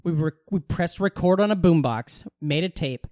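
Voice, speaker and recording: A man co-hosting a podcast in casual chat, telling lively stories and acting out quotes with frequent laughs. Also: a little high, normal speed, no room sound, studio quality. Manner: animated storyteller, laughs often, acts out quotes. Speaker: podcast co-host.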